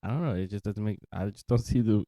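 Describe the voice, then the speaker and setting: A man's voice: fairly low pitch, fast talker, dark tone, no room sound. A young man co-hosting a podcast in a loose casual chat, trailing off, restarting and laughing often. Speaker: podcast co-host.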